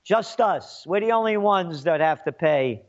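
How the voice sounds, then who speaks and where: A scornful man delivers a mocking political rant in a high-pitched voice. His tone swings widely as he jeers. The recording sounds muffled and lo-fi. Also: animated, a little slow. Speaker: political commentator. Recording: dull lo-fi recording.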